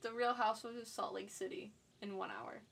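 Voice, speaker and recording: A woman's voice: on the high side, steady tone, brisk, vocal fry. A woman co-hosting a podcast, chatting about movies and admitting which films made her cry. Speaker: podcast co-host. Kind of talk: casual chat about movies.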